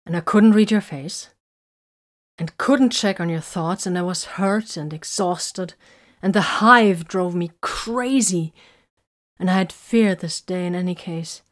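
A woman's voice: lowish voice, unhurried, natural voice. A woman reading a bitter, wounded woman warrior. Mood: hurt. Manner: hurt, confessional, emotional. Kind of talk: audiobook character reading.

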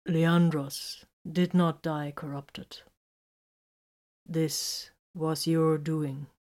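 A woman voicing a kind, earnest male captain who speaks formally, softly and slowly. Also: low voice, fairly even intonation. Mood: gentle. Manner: soft-spoken and slow.

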